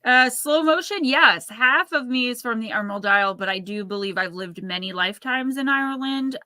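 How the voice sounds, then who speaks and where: A woman in her thirties hosts a casual livestream, chatting and rambling as she reads out viewer comments. Her voice is a little high and a little fast, bright and forceful, with no echo.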